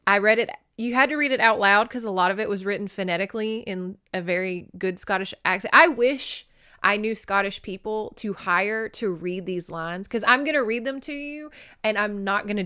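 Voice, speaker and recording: A woman's voice: medium pitch, fairly bright tone, smooth. A woman hosting a casual book-review podcast, chatty and laughing often. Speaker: podcast host reviewing a novel. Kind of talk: casual chat.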